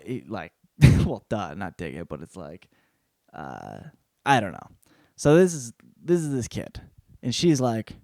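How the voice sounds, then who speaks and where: A young man hosting a podcast, recapping a novel in a casual, heavily profane way, jumping into quick character voices. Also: lowish voice, no room sound, clean studio sound. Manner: swears constantly, animated retelling with quick voice switches. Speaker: podcast host reviewing a book.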